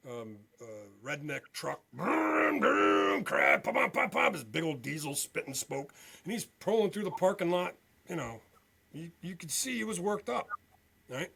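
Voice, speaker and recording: A male veteran and podcast guest telling a story in an animated way, often checking in with "okay?". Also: a little high, moderate pace, gravelly, slightly rough. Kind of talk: storytelling interview.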